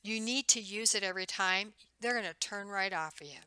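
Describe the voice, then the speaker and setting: A woman's voice: mid-range voice, brisk, bright, forceful tone, clear, resonant tone, dry recording, poor audio. A woman instructor giving a recorded lecture in a conversational way, acting out the questions she would ask patients. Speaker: nursing instructor.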